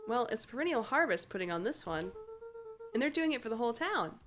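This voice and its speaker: A woman's voice: on the high side, very animated, fairly quick, fairly bright tone, faint music behind. A woman reading a gloomy old beaver man. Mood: grumbling. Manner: gloomy, grumbling. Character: grumpy toothless old male beaver, gloomy.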